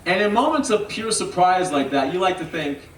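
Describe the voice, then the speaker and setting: Male stand-up comic, halting and rambling, lively up-and-down pitch, heard from a distant mic in a roomy venue. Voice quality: halting, filler-heavy, rambling delivery. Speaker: stand-up comedian. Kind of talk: stand-up set. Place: comedy venue stage with a live audience. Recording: roomy, distant mic, loud crowd and noise.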